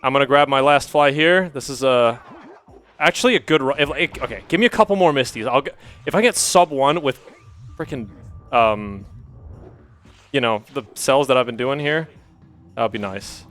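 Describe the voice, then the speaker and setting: A man's voice: medium pitch, moderate pace, pauses often, fairly bright tone, soft background music. A man speedrunning at a live marathon, chatting casually and laughing at himself while he plays. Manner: laughing, self-deprecating, chatty. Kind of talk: casual live gameplay commentary. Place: event venue.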